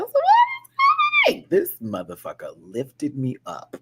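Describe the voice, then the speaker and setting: Man, young adult, vlogger, animated storytelling, lively swooping pitch, slangy and dramatic. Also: measured pace, long pauses, a little hiss or hum.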